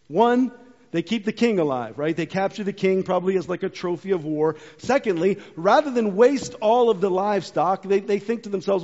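A pastor giving a sermon, reading scripture aloud, then explaining it in a casual, conversational way. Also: male voice, sits high, lively intonation, normal speed, a little mellow. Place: church sanctuary. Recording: muffled hall recording.

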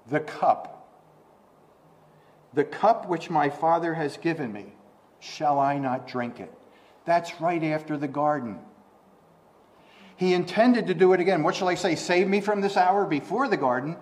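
A man preaching a sermon, reading scripture and explaining it, repeating words and restarting, then rising to loud emphatic bursts on the quoted lines. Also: on the high side.

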